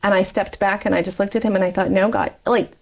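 In an interview, a woman in her forties recounts her life story, talking chattily and candidly and laughing often. Her voice sits at medium pitch with a level tone, slightly mellow, and she speaks at a racing pace.

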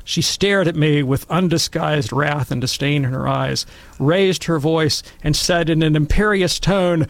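A middle-aged man telling wry, animated stories and commenting on scripture in a casual talk. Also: a little high, a little slow, vocal fry, dry recording. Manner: wry, animated anecdotes with acted quotes.

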